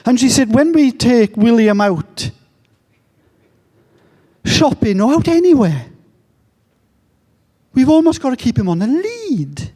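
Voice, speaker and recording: A middle-aged man slowly telling a moving story at a gathering, with long pauses. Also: very high voice, very animated, dark tone. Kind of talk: slow, reflective storytelling talk.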